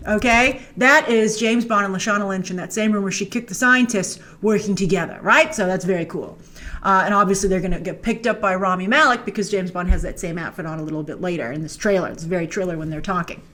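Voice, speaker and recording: A woman's voice: medium pitch, a little fast, bright, forceful tone. A woman hosting a trailer breakdown, talking casually and playfully with lots of asides as she thinks aloud. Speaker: film trailer reviewer and show host. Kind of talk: casual chatty commentary over a trailer.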